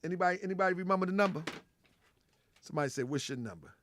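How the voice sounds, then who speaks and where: A man hosting a live show, loud and animated, laughing often, repeating himself and calling out to his chat and callers. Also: high-pitched, rapid-fire, slight background noise. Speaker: livestream show host.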